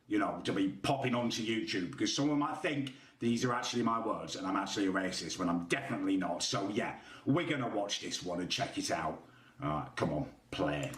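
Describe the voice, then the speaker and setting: A YouTuber gives indignant, sarcastic commentary. His pitch swings with animated emphasis, and an echoey room surrounds the voice. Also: fairly quick, recorded from a distance. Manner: sarcastic, exasperated. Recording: roomy echo.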